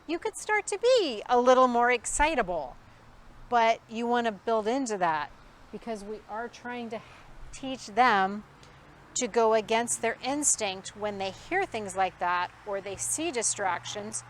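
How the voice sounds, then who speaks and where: A woman dog trainer teaching outdoors. She explains the training in a calm, quiet, measured way. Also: a little high. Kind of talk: instructional dog training demonstration. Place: outdoors in a backyard. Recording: outdoor recording with faint background noise.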